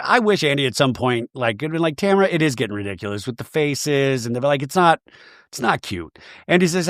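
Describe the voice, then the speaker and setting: A man's voice: mid-range voice, no room sound, clean studio sound. A man hosting a comedic recap podcast, sarcastic and mimicking quotes in exaggerated voices. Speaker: podcast host recapping a reality show.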